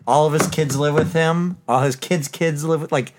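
A man's voice: a little high, fairly even intonation, normal speed, background noise. Guy recapping a movie's ending, doing the characters' lines, casual chat. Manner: retells scenes, acts out the characters' lines. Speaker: podcast co-host.

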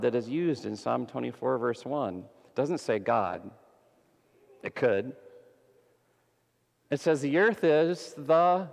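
A man preaching a sermon as pastor, dramatic, swinging between loud emphasis and hushed softness. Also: mid-range voice, creaky. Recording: long hall reverb.

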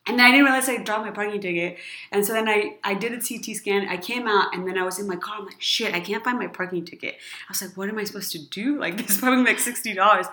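A woman's voice: mid-range voice, fast, sharp tone, roomy sound. A woman in her thirties telling a long personal story to friends in casual chat, rambling with lots of fillers and frequent laughter.

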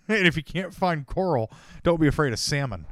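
A man's voice: on the high side, lively intonation, moderate pace, a bit bright, dry recording, studio quality. A man co-hosting a podcast, telling crude, joking stories in casual chat and laughing often. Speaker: podcast co-host.

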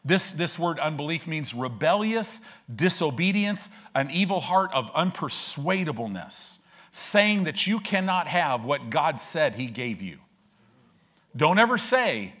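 A man preaching a fervent sermon in a church, building to loud, emphatic peaks. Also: fairly high pitch, very animated, measured pace. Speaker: pastor. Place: church sanctuary.

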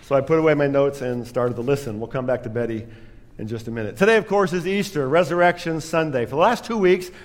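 A man's voice: medium pitch, fast, in a large hall. A man preaching a sermon as pastor, telling a story with self-deprecating humor.

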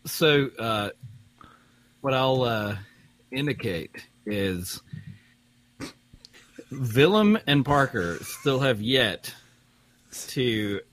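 A man's voice: medium pitch, expressive, drawn-out words, long pauses, fairly bright tone, poor audio. A man co-hosting a podcast, cracking dry jokes in casual chat. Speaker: podcast co-host.

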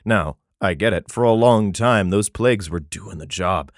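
A man's voice: on the low side, normal speed, dry recording, studio quality. A man reading scripture aloud and mocking it between passages, profane and sarcastic, often chuckling. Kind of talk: irreverent commentary on a scripture reading.

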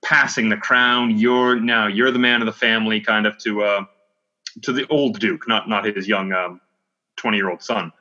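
A man co-hosting a casual film podcast, chatty and quick to add corrections and asides. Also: lowish voice, steady tone, sharp tone. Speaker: podcast co-host. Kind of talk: casual chat about a film. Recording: dull lo-fi audio.

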